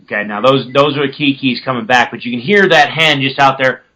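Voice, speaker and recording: A man talks through hunting calls in a relaxed, conversational podcast style. His voice sits mid-pitched with a bright, forward tone. He often restarts a thought partway through and now and then breaks into vocal imitations of the calls. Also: a little fast, a little hiss or hum, poor audio. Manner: imitates turkey yelps with his own voice; conversational, self-correcting. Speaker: turkey hunting guest explaining calls. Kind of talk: casual podcast explanation.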